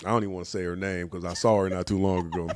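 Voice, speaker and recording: A man's voice: deep voice, flat delivery, rapid-fire, dry recording. A middle-aged man hosting a casual chat show, talking loosely in slang and laughing often. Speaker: podcast host.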